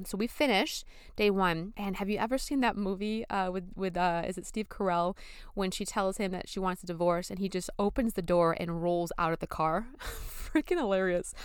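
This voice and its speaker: A young woman hosts her podcast, telling a story in a casual, animated way. Her voice is smooth and clear with a middling pitch. The sound is dry and close. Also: no echo. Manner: animated, chatty, lots of fillers. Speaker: podcast host.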